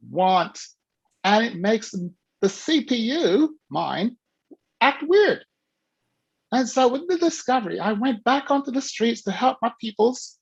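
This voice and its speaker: A man speaking on a video call, telling an animated story and acting out the quoted voices with sudden jumps in pitch. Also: creaky, breathy edge, no room sound. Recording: dull lo-fi video call audio.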